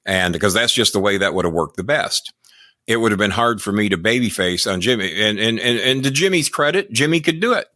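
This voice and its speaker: A man's voice: fairly low pitch, animated, fairly quick, sharp tone, dry recording, studio quality. An older American man, a podcast guest, telling long boastful and profane stories in casual chat. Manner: profane, boastful, rambling anecdotes. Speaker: podcast guest, former wrestling manager.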